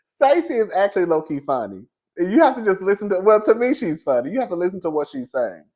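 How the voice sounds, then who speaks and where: A man's voice: high-pitched, sing-song, fast talker, darkish tone. Sassy, chatty man reviewing reality TV. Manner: sassy, chatty, laughs often, calls viewers "girl" and "baby". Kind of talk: casual commentary.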